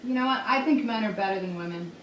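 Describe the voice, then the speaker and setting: An actress playing a bored, sarcastic young woman in a sitcom, delivering lines deadpan and mock-serious. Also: mid-range voice, fast talker, roomy sound, lo-fi sound, lightly acted. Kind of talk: TV sitcom acting. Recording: sitcom clip with clear noise, distant.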